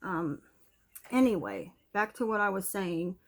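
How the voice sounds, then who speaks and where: A woman's voice: mid-range voice, animated, a little slow. A young woman vlogging a casual, candid makeup review at home, a little out of breath and breaking off now and then to scold her dog. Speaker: beauty vlogger. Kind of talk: casual product review chat. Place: home room, TV on in background.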